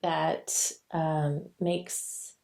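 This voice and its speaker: A woman co-hosting a podcast, chatting loosely about a book, with many fillers and laughs, and now and then she acts out the characters' lines in a playful high voice. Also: level tone, drawn-out words, vocal fry, a little mellow. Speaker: podcast co-host. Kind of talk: casual book-discussion chat.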